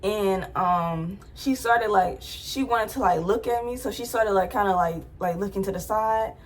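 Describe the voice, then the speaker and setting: A woman's voice: mid-range voice, unhurried, slight background noise. A young adult woman vlogger telling a personal story in a casual, chatty way, full of "like" fillers.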